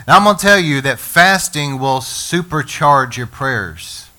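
A man preaching a sermon to his congregation, energetic and calling on the listeners to respond. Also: medium pitch, measured pace, hardly any pauses. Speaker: pastor.

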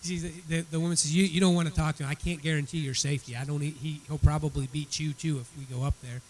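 A man's voice: on the high side, little pitch movement, fast, slight background noise, poor audio. A man teaching a church Bible study. He retells a story in a conversational way and often repeats words as he restarts his sentences.

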